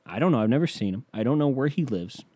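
A man hosting a podcast, delivering a casual comedic monologue in a profane, ranting way that breaks into mock yelling. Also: medium pitch, lively intonation, fast talker, husky. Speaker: podcast host.

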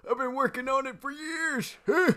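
A man's voice: very high-pitched, normal speed, sharp tone. A man playing a forgetful old man who co-hosts a podcast, rambling goofily and losing his train of thought in an improvised comedy sketch. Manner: goofy, rambling, easily sidetracked. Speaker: podcast co-host.

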